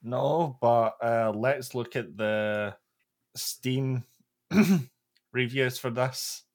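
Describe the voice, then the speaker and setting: A man's voice: medium pitch, extremely slow. A man co-hosting a podcast, mischievous and fond of crude jokes. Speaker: podcast co-host. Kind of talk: casual podcast banter.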